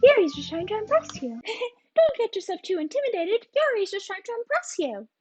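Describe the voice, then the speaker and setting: A woman's voice: very high voice, sing-song, normal speed, a little mellow, dry recording, pitched above the performer's own voice. A woman voicing a poised young female character from a visual novel in an attempted British accent. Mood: teasing.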